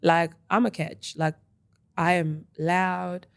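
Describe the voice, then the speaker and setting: A woman's voice: on the low side, takes it slowly, gravelly, clear, resonant tone, no room sound. A young woman from Australia, a podcast guest in a studio, talking casually and energetically with lots of "like". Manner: energetic, talkative, frequent "like". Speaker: interview guest. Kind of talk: casual interview chat.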